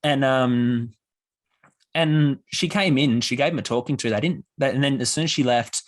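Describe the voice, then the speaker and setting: A young man, hosting a casual podcast chat and retelling stories with lively quoted voices. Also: medium pitch, normal speed. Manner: animated storyteller, acts out quoted voices. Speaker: podcast host.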